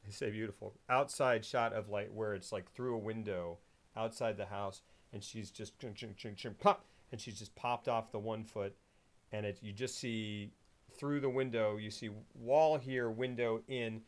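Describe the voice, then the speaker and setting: A man hosting a casual film podcast. He retells scenes with lively sound effects and voices. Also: on the low side, moderate pace. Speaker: podcast host.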